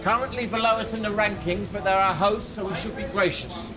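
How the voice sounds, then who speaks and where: An actor playing a man who leads a maths team, brisk and joking in a theatrical way. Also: high voice, close to an everyday voice. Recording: film soundtrack with music under the voice.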